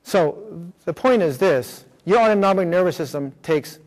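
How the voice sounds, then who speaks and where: A man's voice: high-pitched, animated, moderate pace, hardly any pauses, a little mellow. A man presenting a workshop with slides, explaining step by step with frequent fillers and check-ins. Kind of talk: lecture with slides. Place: school room. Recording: long hall reverb.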